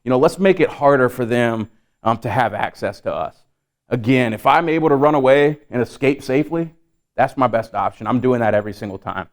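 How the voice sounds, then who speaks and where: Smooth-voiced man giving safety training. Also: medium pitch, a little fast. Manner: conversational, many fillers and repeats. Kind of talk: live training talk.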